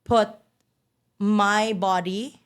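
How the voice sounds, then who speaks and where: A woman's voice: medium pitch, steady tone, very slow, smooth. Reflective woman podcast guest. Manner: earnest, reflective, thinking aloud. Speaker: guest, content creator. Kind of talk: casual chat.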